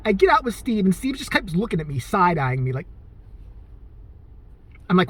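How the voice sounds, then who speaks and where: Animated, profane man ranting. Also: sits high, a little fast, long pauses, breathy edge. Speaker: vlogger. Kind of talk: profane comedic rant.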